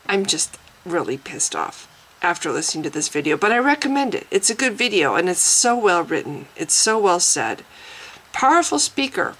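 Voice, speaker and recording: Woman vlogger, mid-pitched, indignant reaction rant with swearing and halting restarts. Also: fairly bright tone, rough recording.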